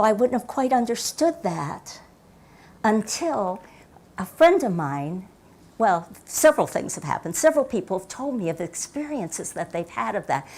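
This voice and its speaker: Older woman pastor preaching softly. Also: a little high, slight background noise. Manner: reflective, varies loudness, drops to near whispers for emphasis. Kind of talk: sermon. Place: church sanctuary.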